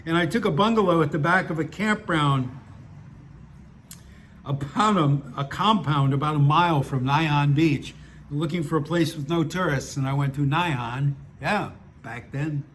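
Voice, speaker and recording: A man's voice: on the high side, measured pace, fairly bright tone, slight background noise. Older man reading his own stories. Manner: digressive, self-mocking asides. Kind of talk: story reading with chatty asides.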